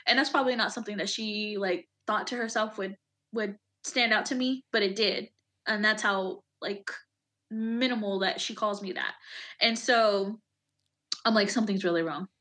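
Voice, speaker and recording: A woman's voice: medium pitch, fairly even intonation, moderate pace, sharp tone. A woman Army veteran in an interview, telling a painful personal story candidly, with many fillers. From United States.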